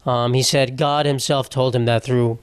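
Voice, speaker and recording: A man's voice: medium pitch, little pitch movement, moderate pace, clean tone, dry recording. A young man hosting a solo comedy podcast, rambling and sarcastic, laughing through his sentences, his throat a little sore.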